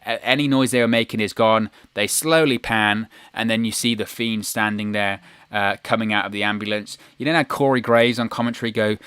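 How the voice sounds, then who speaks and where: A man giving an opinionated, animated solo review of a wrestling show on his video channel, acting out quotes in a raised voice. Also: medium pitch, brisk, clear, resonant tone, no room sound. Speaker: wrestling news YouTuber.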